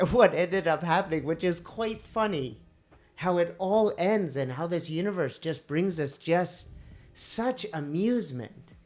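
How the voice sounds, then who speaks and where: A woman on a podcast telling a personal story in a casual, animated way, acting out the voices of the people in it. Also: lowish voice. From India. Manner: animated, acts out quoted voices. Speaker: podcast host.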